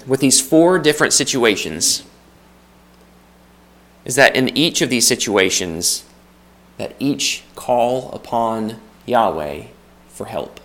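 A man from the United States preaching a sermon in a conversational way, building emphasis through repetition. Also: medium pitch. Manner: lively, rising for emphasis, repeats phrases; conversational with restarts and light laughs.

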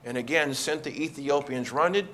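A man's voice: on the high side, normal speed, fairly bright tone. A man leading a Bible study, teaching in a conversational way and asking the group questions.

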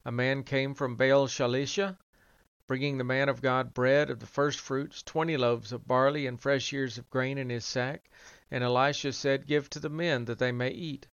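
Man reading scripture aloud, smooth and dry. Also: mid-range voice, no room sound, muffled recording. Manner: even, measured reading with little change between quoted voices. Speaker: reader.

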